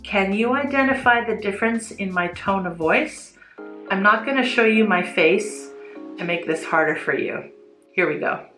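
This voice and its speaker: A woman teaching English in a clear, deliberate, scripted lesson style. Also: medium pitch, expressive, sharp tone. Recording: roomy echo, faint music behind.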